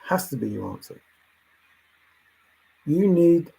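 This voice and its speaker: A man delivering a lecturing, insistent monologue, repeating himself and swinging between quiet talk and loud outbursts. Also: medium pitch, animated, slow, gravelly, husky, poor audio. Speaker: treasure hunt commentator. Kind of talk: ranting monologue.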